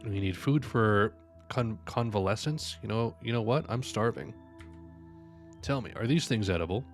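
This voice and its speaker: Man, lowish voice, sleepy, yawning, live manga read-aloud, faint music behind. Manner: reads every character's lines aloud between quick reactions. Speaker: streamer.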